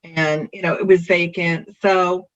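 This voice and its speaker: A realtor recounts a personal anecdote with lively storytelling energy, the voice leaping up in pitch whenever a point lands. The middle-pitched voice comes through a dull, lo-fi recording that softens the top end. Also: measured pace. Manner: animated storyteller, pitch jumping with emphasis.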